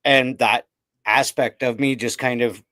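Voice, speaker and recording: A man's voice: mid-range voice, steady tone, unhurried, bright, forceful tone, no room sound. A man, a podcast guest, telling his personal story in a candid, loose way with frequent "like".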